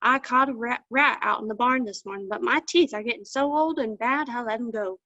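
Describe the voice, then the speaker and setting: A woman's voice: on the high side, fairly quick, pushed and bright, dry recording. A woman voicing a pitiful, worn-out old tomcat with a plaintive folksy drawl. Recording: dull lo-fi dry sound.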